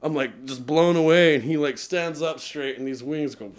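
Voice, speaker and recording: A man guest on a podcast, telling a long story in a casual, animated way, laughing often and filling with "like". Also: on the high side, normal speed. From Utah.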